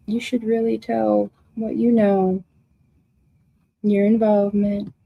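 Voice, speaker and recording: A woman's voice: mid-range voice, flat delivery, slow, gravelly, dry recording, muffled recording. A woman hosting a livestream who reads out viewers' comments and answers them with emotion and confrontation. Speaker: livestream host. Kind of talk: casual livestream chat reading viewer comments.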